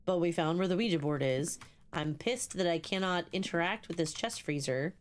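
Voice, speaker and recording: A young woman streaming a ghost-hunting game live, talking to her chat in an excitable, swearing, chatty way. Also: on the low side, normal speed, a little hiss or hum. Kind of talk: live gameplay commentary.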